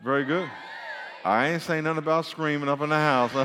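A man's voice: on the high side, fairly bright tone, a little hiss or hum. A man preaching a sermon to a congregation, reading scripture and explaining it in a humorous, conversational way. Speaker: pastor. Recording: long hall reverb.

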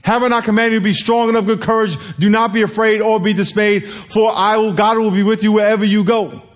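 A middle-aged man preaching to a congregation, his voice sitting a little high for a man. He is lively and animated, gets the room to call words back to him, and plays out the people he quotes. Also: brisk. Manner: lively, calls for congregation responses, acts out quotes. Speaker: pastor. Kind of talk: sermon.

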